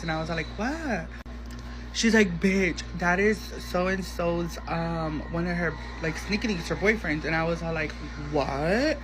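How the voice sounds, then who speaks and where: Guy doing a gossipy storytime, acts out voices, noisy background. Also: sits high. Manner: gossipy and animated, acting out quoted voices. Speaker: storyteller in a social media clip. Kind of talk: casual storytime.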